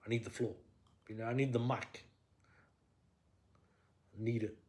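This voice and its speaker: A man, a podcast guest, ranting in blunt, profane, emphatic conversation that swings up into shouting. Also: medium pitch, fairly even intonation, measured pace. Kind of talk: heated conversational rant.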